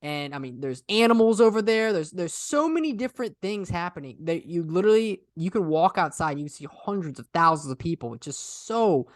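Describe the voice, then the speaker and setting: A man's voice: high voice, animated, fairly quick, hardly any pauses, dry recording, studio quality. A young man co-hosting a casual podcast, rambling with lots of "I mean" and "literally". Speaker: podcast co-host. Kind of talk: casual chat.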